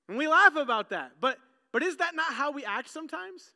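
High-voiced, animated preaching man. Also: brisk, few pauses, long reverb tail. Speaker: pastor. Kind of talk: sermon.

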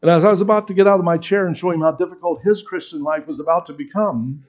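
A man preaching a sermon, telling a personal story with acted-out quotes and lively swings in voice. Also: a little high, quick pace, hardly any pauses. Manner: animated storyteller acting out quotes. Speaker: pastor.

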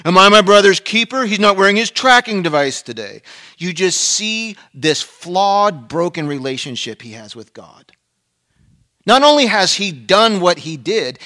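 A man preaching a sermon, dropping to a hush and then rising to emphatic peaks, acting out the people he quotes. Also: sits high. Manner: swings between hushed and emphatic, acts out quoted voices. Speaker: pastor.

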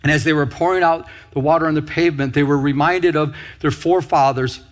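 A man's voice: on the high side, steady tone, a little fast. A man preaching a sermon, telling personal stories with quoted dialogue, then urging his listeners in an emphatic way. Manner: storytelling, acting out dialogue, rising to emphatic exhortation.

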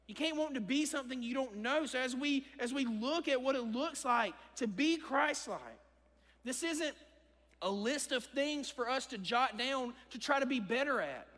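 A young man with a strikingly high voice delivers an earnest sermon and repeats his key phrases for emphasis. His words ring out with a long reverb in a church sanctuary. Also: normal speed, a bit bright. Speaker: preacher.

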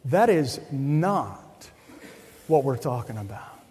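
Emphatic middle-aged pastor in a reverberant hall. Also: male voice, mid-range voice, very animated, a little mellow, slightly rough. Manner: deliberate, emphatic, repeats key points. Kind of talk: sermon. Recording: long reverb of a large hall.

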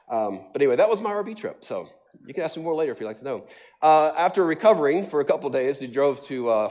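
In a church sanctuary, a middle-aged pastor with a lowish voice shares funny stories as part of his sermon. He's animated and self-deprecating, laughing frequently and leaning on "um" and "like" as he tells them.

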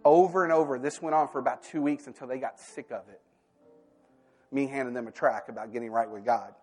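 A man preaching a sermon, telling personal stories and acting out the dialogue with lively energy. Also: mid-range voice, a little fast, breathy edge, soft background music. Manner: animated storytelling, acting out quoted dialogue.

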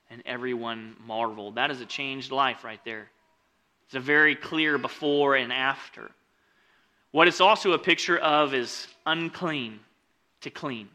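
A man gives a casual sermon, reading scripture out loud and explaining it conversationally. He often says "like" and "right?" and swings between loud emphasis and quiet, lowered asides.

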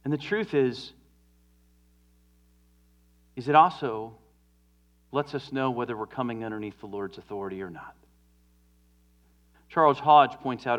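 A man preaching a sermon as a pastor, earnest, moving from emphatic stresses to hushed, drawn-out endings. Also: mid-range voice.

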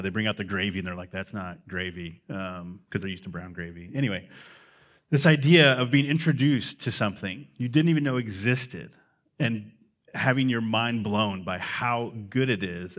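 A low-pitched man gives a sermon in an easy, unscripted way. His pitch sits lower than most men's, and he pauses on fillers as he thinks aloud. He sounds more like he is talking with the room than reading a script. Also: fairly bright tone. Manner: conversational, unscripted, with frequent fillers. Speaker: pastor.

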